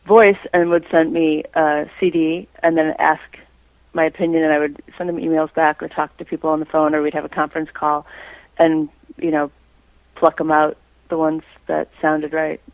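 A woman's voice: sits low, level tone, moderate pace, dry recording, narrow, tinny audio. A woman being interviewed about her own artwork, chatting casually and breaking into playful impressions. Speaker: creator and artist being interviewed.

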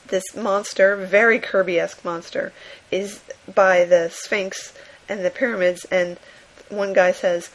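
A woman's voice: medium pitch, steady tone, slow pace, low-quality recording. A woman hosting a podcast, giving a casual, enthusiastic book review with frequent laughs and fillers. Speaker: podcast host.

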